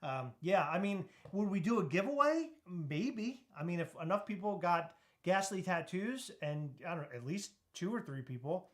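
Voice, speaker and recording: A man's voice: sits high, animated, moderate pace, hardly any pauses. A man co-hosting a live podcast stream, reading chat comments aloud and laughing easily in loose, casual talk that swears freely. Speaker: podcast co-host.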